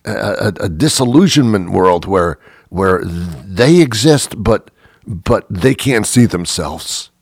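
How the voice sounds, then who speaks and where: A man's voice: deep voice, lively intonation, slow pace, vocal fry, husky, no room sound. A man, a radio host, delivering a rambling, sarcastic, exasperated comic monologue into a close studio mic. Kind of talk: comedic monologue.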